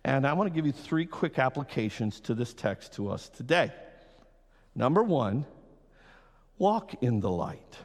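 A male pastor preaching a sermon to a congregation, swinging between loud fervent passages and slow quiet emphasis. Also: medium pitch, big pitch swings. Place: church hall. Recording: long hall reverb.

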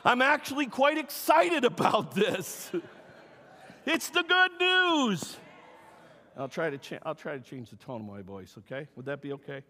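A male pastor preaching a sermon, emphatic, swinging between loud cries and hushed, soft talk. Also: a little high, lively intonation, a little fast, few pauses. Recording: long reverb of a large hall.

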